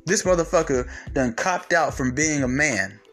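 A man's voice: fairly high pitch, lively intonation, normal speed, a bit bright. Man, heated profane rant, emphatic rhetorical questions, talking straight to viewers, faint music behind. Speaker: online commentator. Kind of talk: ranting monologue to viewers.

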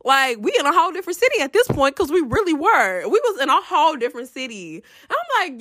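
A woman's voice: high voice, fast talker, few pauses. A young woman casually telling a profane storytime straight to her viewers. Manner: animated, profane, addresses viewers as y'all.

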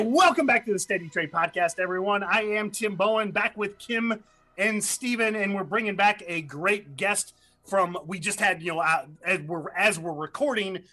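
Man hosting a podcast, high-pitched voice, bright and forceful tone, rambling joking chat. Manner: rambling, self-interrupting, joking. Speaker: podcast host. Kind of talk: casual chat.

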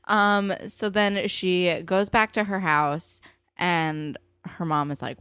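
A woman casually recapping a TV episode as podcast co-host, chatty and full of fillers, popping into higher voices when she quotes characters. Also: measured pace, fairly bright tone, smooth, dry recording.

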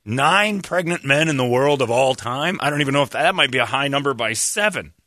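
A man's voice: mid-range voice, lively intonation, brisk, sharp tone, dry recording, clean studio sound. A man, a show host, delivering a sarcastic comedic rant and mockingly mimicking other people in exaggerated voices.

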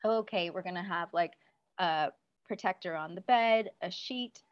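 Speaking at a measured pace in a smooth, fairly low voice, a woman gives practical parenting advice as a guest in a casual interview. She uses many "um"s and "you know"s, and the lo-fi recording sounds dull.

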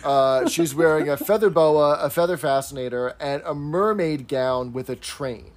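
Guy on a podcast walking through a sitcom episode, kinda high voice, animated, tosses in little impressions. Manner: animated, recounts scenes with quick quoted impressions. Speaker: podcast co-host. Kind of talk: casual chat recapping a sitcom.

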